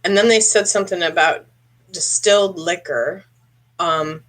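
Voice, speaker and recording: A woman psychic medium giving a live-stream reading, speaking haltingly and clearing her throat often as she asks a viewer questions. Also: on the low side, fairly bright tone. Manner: halting, searching delivery with frequent throat clearing; addresses a viewer directly with questions.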